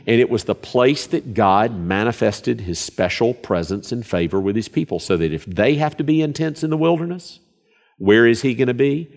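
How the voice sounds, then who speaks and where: A man's voice: medium pitch, moderate pace, vocal fry. A man preaching a sermon, earnest and emphatic, often repeating phrases for stress.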